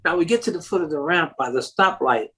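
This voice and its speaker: Animated storytelling man. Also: fast talker, breathy edge, rough recording. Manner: acts out quoted voices with sharp rises in pitch, laughs often. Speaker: interview guest, drummer.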